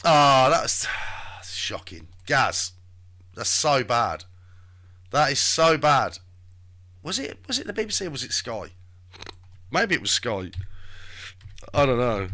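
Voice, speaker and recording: Male streamer, loose self-talking delivery, sharp bright voice that swings up and down. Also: mid-range voice, sing-song, takes it slowly, pauses often. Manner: chatty, talks to himself while searching. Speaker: live stream host. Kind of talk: rambling live stream commentary.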